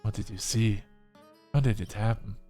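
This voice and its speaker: A man's voice: on the low side, fairly even intonation, normal speed, warm tone, soft background music, lightly acted. A man voicing a stern, blunt young woman who speaks in a dry, matter-of-fact, scolding way. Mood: soothing.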